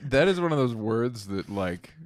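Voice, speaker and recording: A man's voice: mid-range voice, sing-song, normal speed. A man hosting a podcast in casual chat, laughing often and swearing freely. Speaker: podcast host.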